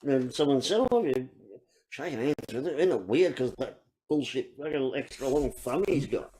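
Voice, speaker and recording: A man co-hosting a casual comedy show, laid-back and often chiming in with quick agreement. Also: mid-range voice, lively intonation, warm tone. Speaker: co-host.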